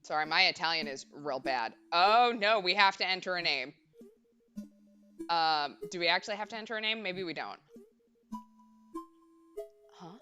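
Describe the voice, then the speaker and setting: A woman's voice: fairly low pitch, lively intonation, normal speed, long pauses. A young woman streamer chatting casually and nervously while playing a game, babbling with lots of fillers. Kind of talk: casual let's-play chat. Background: game music.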